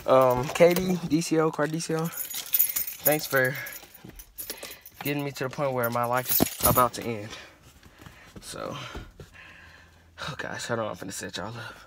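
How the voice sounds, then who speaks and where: A young man vlogging a prank, talking fast and nervously to his phone camera in slangy casual speech. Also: mid-range voice, noisy background. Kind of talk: casual vlog talk to camera.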